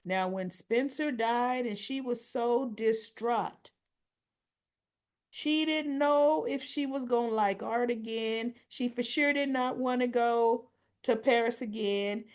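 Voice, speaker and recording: A woman's voice: fairly high pitch, slow. Chatty woman recapping soap scenes. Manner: chatty, opinionated retelling with frequent "he goes, she goes". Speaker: soap opera recap host. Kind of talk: casual episode recap.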